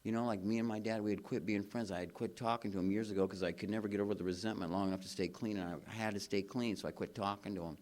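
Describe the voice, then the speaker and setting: Male convention speaker with a lower-pitched voice; loose, earnest storytelling, heavy on "man" and "you know". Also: fairly even intonation, quick pace, hardly any pauses, darkish tone. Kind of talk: personal recovery share. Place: convention stage before a live audience.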